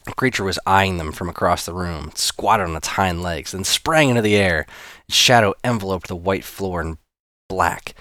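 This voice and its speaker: A man narrating an audiobook chapter in a steady storytelling manner. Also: deep voice, normal speed, no room sound, studio quality. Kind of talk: scripted narration.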